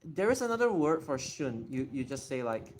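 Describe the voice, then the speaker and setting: Streamer, chatty and excitable, voice swinging widely in pitch, keys clacking faintly behind. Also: moderate pace, a little hiss or hum. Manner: excitable, thinks aloud while typing. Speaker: livestreamer. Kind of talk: casual livestream Q&A.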